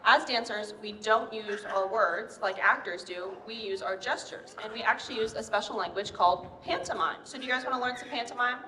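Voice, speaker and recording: A woman's voice: fairly high pitch, a little fast, few pauses, pushed and bright, slight background noise. A young woman ballet dancer leading children in pantomime, upbeat with frequent "um"s, recorded in a large library room. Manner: upbeat, hesitant fillers. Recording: echoey reverberant hall.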